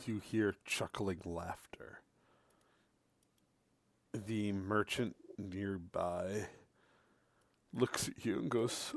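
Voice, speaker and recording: A man narrating as game master of a tabletop role-playing game in a lively, animated way. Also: fairly low pitch, extremely slow, vocal fry, pauses often, no echo.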